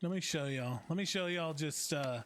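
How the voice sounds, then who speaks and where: A man's voice: a little high, moderate pace, fairly bright tone, a little hiss or hum. A man streaming a role-play game, chatting casually and teasing with frequent laughs. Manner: joking, teasing, laughs often.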